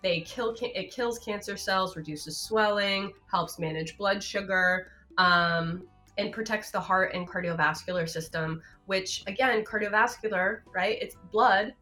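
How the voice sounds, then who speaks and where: A woman with a bright, forceful voice explains health topics in a chatty, easygoing way, stopping often with fillers. She sounds like a guest doctor on a live web show. Soft music plays faintly underneath. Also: mid-range voice, a little slow. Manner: chatty and explanatory, laughs easily, many fillers.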